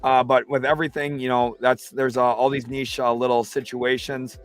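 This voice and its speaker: Soft music plays behind a man with a mid-range voice who speaks at a moderate pace, with no echo. Hosting a live basketball talk stream, he eagerly reads viewer comments aloud and breaks down trades.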